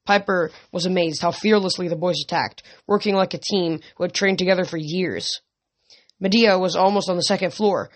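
Audiobook reader with stumbling restarts. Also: medium pitch. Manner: reads with slips and restarts. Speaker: narrator. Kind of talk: amateur audiobook reading.

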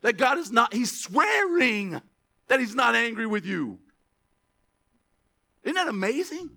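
A man preaching a sermon as pastor, reading verses slowly with emphasis, then dropping into quick asides to the church. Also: very high-pitched, vocal fry. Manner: animated, stretches scripture words for emphasis, drops to asides.

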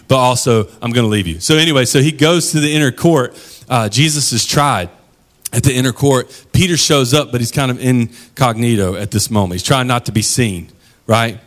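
A man's voice: mid-range voice, a bit bright. A male pastor preaching a sermon in a casual, conversational storytelling way with slangy asides.

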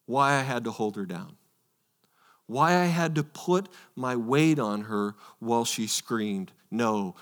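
A male pastor preaching a sermon, telling a personal story in an earnest way, repeating words and swinging between loud and soft. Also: mid-range voice.

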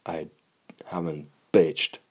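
A young man with a very deep, husky, slightly mellow voice speaks slowly and flatly in a casual monologue. His tone is blunt tough love; he swears constantly and often repeats words as he starts.

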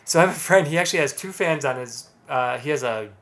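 A man's voice: a little high, quick pace, a bit bright. A man, probably in his thirties, chatting casually as a podcast co-host, laughing often and telling jokes in put-on voices. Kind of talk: casual chat.

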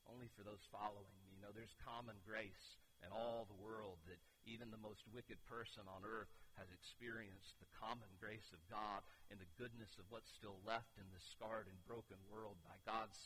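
A man in his thirties preaching a sermon as a pastor, earnest, with warm asides and moments where he drops to a hushed, intense tone. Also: on the low side, a little hiss or hum, rough recording.

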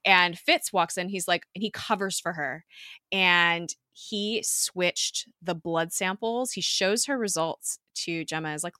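A woman's voice: on the low side, steady tone, slow, sharp tone, smooth, dry recording, clean studio sound. A woman co-hosting a podcast, casually recapping a TV episode in a chatty way, full of fillers and quoted dialogue. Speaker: podcast co-host.

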